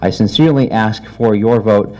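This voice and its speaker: A man's voice: fairly low pitch, normal speed, warm tone. A man running for council, giving a friendly, self-deprecating closing statement at a forum. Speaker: council candidate.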